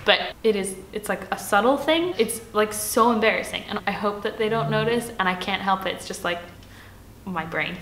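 A woman's voice: medium pitch, moderate pace, a bit bright, roomy sound, a little hiss or hum, poor audio. A young adult woman from Switzerland chatting playfully through a Q&A tag video, with lots of "like" and filler words. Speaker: vlogger.

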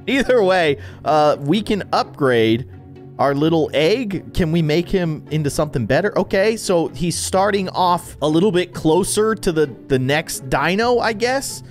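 A young man giving playful let's-play commentary on a video game, swinging from loud excited outbursts to mumbled asides. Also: fairly high pitch, measured pace, faint music behind. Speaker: gaming YouTuber.

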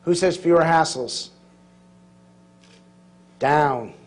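A middle-aged man giving a lively speech to a live audience in a large hall, quizzing and joking with the crowd. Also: a little high. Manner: quick-witted, teasing the crowd with jokes and questions. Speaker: public speaker.

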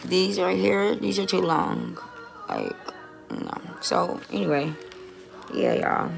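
A woman's voice: fairly low pitch, huge pitch swings, slow, creaky, soft background music. A woman vlogging casually on her phone from a dentist's office, chatty and rambling and swearing often. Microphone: phone held close.

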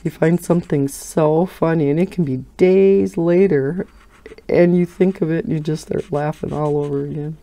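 A woman's voice: deep voice, steady tone, normal speed, dark tone. A middle-aged woman hosting a coloring channel, chatting casually and telling stories with frequent laughter. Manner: chatty storytelling, laughs often. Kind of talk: casual chat while coloring.

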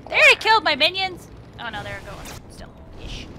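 A woman streaming a video game and giving casual commentary, excitable and giggly, playfully trash-talking her opponents. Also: very high-pitched, brisk, crowd noise. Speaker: gaming streamer. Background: game music.

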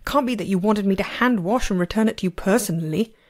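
A proud male immortal master, quick to scold and dripping with sarcasm, read by a woman. His voice is of middling pitch and stays indignant and lofty. It sounds like a fan audiobook reading. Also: a little mellow, natural voice. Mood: exasperated.

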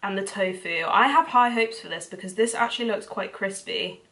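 A young woman with a London accent, chatting casually to camera in a cooking vlog, animated and full of quick asides. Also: mid-range voice. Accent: London English. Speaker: vlogger.

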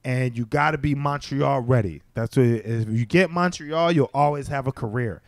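A man's voice: mid-range voice, moderate pace, no echo, clean studio sound. A man, a stand-up comedian telling stories in casual chat and acting out the people he quotes. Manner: animated storyteller, acts out quoted voices. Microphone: studio mic.

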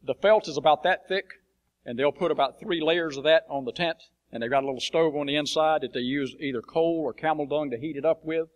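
A man's voice: fairly high pitch, brisk. A man speaking as a missionary preacher, telling plain-spoken stories to a church congregation with a blunt, folksy manner and frequent fillers. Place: church sanctuary.

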